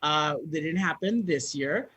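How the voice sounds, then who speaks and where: A young man from Southern California chatting as a guest, telling stories with lively high-pitched acted-out reactions. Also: a little slow, slightly rough. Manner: animated storyteller, jumps into high-pitched quoted reactions. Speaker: guest actor. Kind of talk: casual chat.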